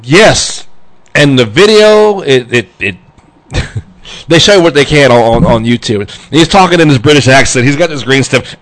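A man hosting an internet radio show, telling a story in a loose, animated way and laughing along as he goes. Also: on the high side, normal speed. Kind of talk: casual on-air chat.

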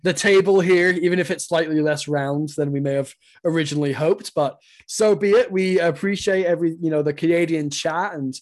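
A man's voice: fairly high pitch, a little fast, hardly any pauses, a little mellow. A man from England co-hosts a soccer podcast in easygoing chat, speaking in a somewhat raised register. He rambles through fillers and laughs often. The sound comes through a video call. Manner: rambling, chuckling, lots of fillers. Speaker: podcast co-host.

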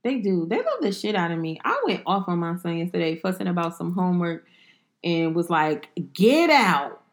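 A woman's voice: lowish voice, big pitch swings, brisk. A middle-aged woman, a mother, co-hosting a casual podcast, teasing and wisecracking. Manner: teasing, wisecracking, laughs easily. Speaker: podcast co-host and parent.

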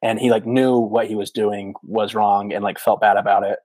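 A man's voice: fairly low pitch, moderate pace, dry recording, rough recording. A man in his thirties telling a story as a podcast guest, full of "like" fillers and acted-out quotes. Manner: animated storyteller, many "like" fillers, acts out quotes. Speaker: podcast guest, former missionary. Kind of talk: casual storytelling.

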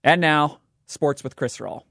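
A young man hosting a sports betting show, talking in an animated, joking and emphatic way. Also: on the high side, measured pace, creaky. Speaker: sports podcast host. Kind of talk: scripted sports commentary.

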